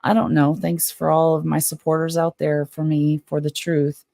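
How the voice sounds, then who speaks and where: A woman's voice: low-pitched, level tone, gravelly, dark tone, no echo, clean studio sound. A woman hosting a casual live stream from home, reading a book aloud and chatting frankly with viewers. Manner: chatty, frank, quick to get worked up. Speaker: livestream host.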